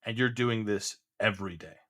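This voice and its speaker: A man's voice: lowish voice, moderate pace, a bit bright. A man hosting a comedy podcast, coaxing his co-host along in a hesitant manner, with frequent laughs and restarts. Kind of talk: improvised comedy bit.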